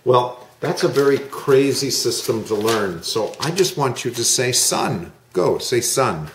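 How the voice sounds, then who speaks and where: Slow, patient male English teacher. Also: mid-range voice, expressive, echoey room, noisy background. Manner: slow, patient, drawn-out modelling of sounds. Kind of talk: online one-to-one lesson.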